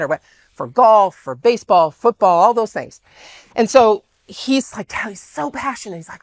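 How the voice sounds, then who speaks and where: A woman speaking to an audience, telling a story in an animated way and acting out the dialogue. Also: lowish voice, no room sound. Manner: animated, exclaims often, acts out quoted dialogue.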